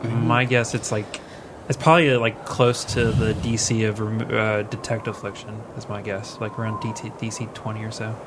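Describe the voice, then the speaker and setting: A man's voice: on the low side, flat delivery, normal speed, noisy background. A man playing a tabletop game, thinking aloud through the rules with hesitant fillers. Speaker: player.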